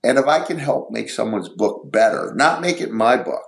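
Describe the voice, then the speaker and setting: A middle-aged man telling stories on a podcast, rambling and halting as he searches for words. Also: medium pitch, lively intonation, gravelly. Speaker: podcast guest. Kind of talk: casual storytelling.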